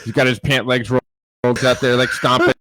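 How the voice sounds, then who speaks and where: A man's voice: medium pitch, level tone, fairly quick, a bit bright, no echo. A man co-hosting a podcast, teasing his friends in casual chat. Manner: playful teasing. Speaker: podcast co-host.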